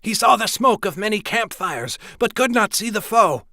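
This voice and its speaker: A woman's voice: mid-range voice, lively intonation, normal speed, sharp tone, no echo, clean studio sound, pitched above the performer's own voice. A man voicing a young female messenger in an audiobook, reporting in a raised, urgent voice.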